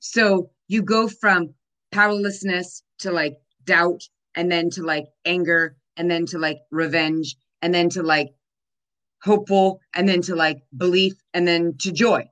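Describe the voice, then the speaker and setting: A woman's voice: lowish voice, steady tone, a little slow, fairly bright tone, poor audio. A woman hosting a podcast, talking earnestly in a casual chat and using "like" and "you know" often. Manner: earnest, many fillers like "like". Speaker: podcast host.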